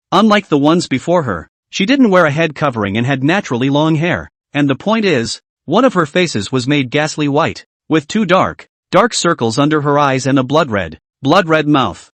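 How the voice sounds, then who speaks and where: A man narrating a story recap, his voice fairly high and full of swooping, lively pitch. It is recorded close and dry, with no room sound. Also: dry recording.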